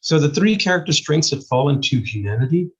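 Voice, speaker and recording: A man whose accent blends Texan and Spanish lectures alone on camera indoors, his husky voice on the high side, animated and a little fast as he loses it. He's casual and rambling with lots of fillers. The camera mic gives dull audio with a bit of hiss or hum.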